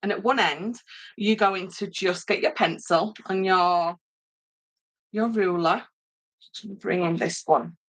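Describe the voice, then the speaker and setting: A woman's voice: medium pitch, slow, pauses often, poor audio. A woman hosting a live crafting tutorial in a chatty, rambling way, greeting viewers by name with lots of ums. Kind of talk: casual live craft demonstration.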